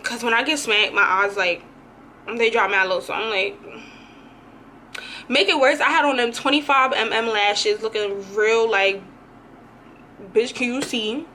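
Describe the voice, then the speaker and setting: A woman's voice: on the high side, measured pace, long pauses, slight background noise. A young woman vlogger telling a dramatic, slangy story in a casual storytime. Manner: animated, slangy, dramatic retelling.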